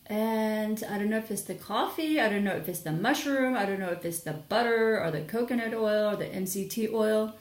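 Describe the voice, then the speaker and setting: A woman's voice: mid-range voice, reverberant. A young adult woman chatting casually in a rambling product review vlog, sleepy and full of fillers and restarts. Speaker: vlogger.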